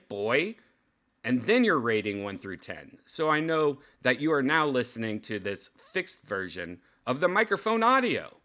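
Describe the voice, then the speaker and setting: A man's voice: mid-range voice, fairly bright tone. A man livestreaming casual chat to his viewers, loose and rambling, swearing casually as he tests gear. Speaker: vlogger testing a VR headset mic.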